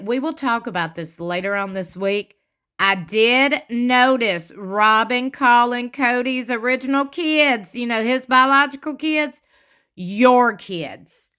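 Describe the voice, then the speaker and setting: A woman's voice: fairly high pitch, pushed and bright. Sassy woman recapping TV. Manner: sassy, chatty, quotes people with playful asides. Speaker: reality TV recap host. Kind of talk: casual recap commentary.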